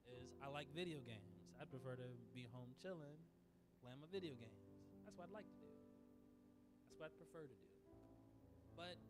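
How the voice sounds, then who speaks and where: A pastor preaching a casual sermon, telling stories in a chatty way and swinging between loud bursts and quiet asides. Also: male voice, fairly high pitch, expressive, fairly quick, soft background music. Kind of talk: conversational sermon. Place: church sanctuary.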